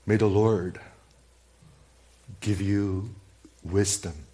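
A male pastor preaching a sermon, swinging from loud emphatic exclamations to hushed near-whispers, repeating lines and calling for amens. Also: low voice, steady tone, slow, long pauses. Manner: repetitive, emphatic, calls for amen.

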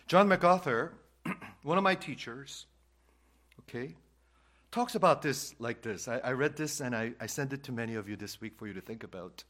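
A male pastor preaching a sermon, swinging between loud emphatic lines and hushed whispers, repeating key phrases for emphasis. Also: mid-range voice, expressive, moderate pace.

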